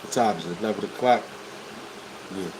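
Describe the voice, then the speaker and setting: A man's voice: fairly low pitch, fairly quick. Blunt New York man livestreaming. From Brooklyn, New York. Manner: blunt, street slang, talks straight to viewers. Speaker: livestream host. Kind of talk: casual livestream storytelling. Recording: air conditioner hum behind voice. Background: air conditioning hum.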